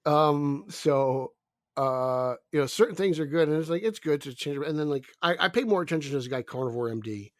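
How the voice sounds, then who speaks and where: A man's voice: a little high, animated, fairly quick, no room sound, studio quality. A young man talking casually as a podcast co-host, rambling with many fillers and stammered restarts. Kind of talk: casual chat.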